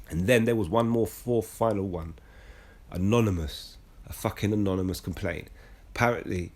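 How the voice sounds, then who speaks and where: A blunt man telling a heated personal story with a lot of swearing, then reading scripture as a religious speaker. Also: fairly low pitch.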